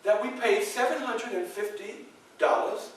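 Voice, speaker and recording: A man voicing a sweet, coy young lady who speaks softly in a sing-song, teasing way. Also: sits high, unhurried, pitched above the performer's own voice. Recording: echoey room from far off.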